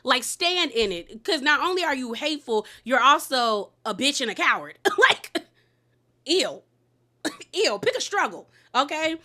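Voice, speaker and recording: Sassy woman with a bright, forceful voice. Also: sits high, big pitch swings, measured pace. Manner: sassy, blunt, laughs often. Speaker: reality TV recap host. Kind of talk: casual recap commentary.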